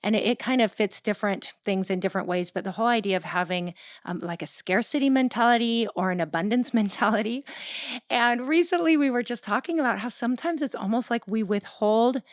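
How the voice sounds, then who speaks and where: A woman's voice: mid-range voice, brisk, no echo, clean studio sound. A woman in her forties hosting a podcast, chatting casually and telling stories from her own home. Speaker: podcast host.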